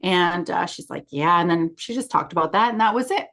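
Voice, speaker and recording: A woman's voice: on the low side, a little fast, fairly bright tone. Chatty middle-aged woman telling a story. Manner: chatty, acts out quoted dialogue. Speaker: podcast co-host. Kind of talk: casual storytelling chat.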